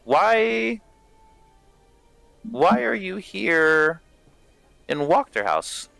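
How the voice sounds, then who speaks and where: A man's voice: fairly low pitch, very animated, normal speed, pushed and bright, no echo, faint music behind. A man voicing a flustered, apologetic young man who stammers and is overly polite while narrating a tabletop game. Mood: puzzled.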